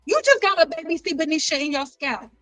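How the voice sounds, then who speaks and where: A woman with a high voice hosts a hair care live stream in a loose, joking chat. She teases her viewers, repeats her punchlines for effect, and keeps the energy animated. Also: brisk, soft background music, rough recording.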